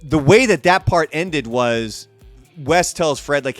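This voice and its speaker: Guy hosting a rock podcast, lively up-and-down voice, swears a lot, faint music behind. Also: fairly high pitch, slow pace. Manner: animated, profane, acts out quotes. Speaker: podcast host. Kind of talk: casual storytelling podcast chat.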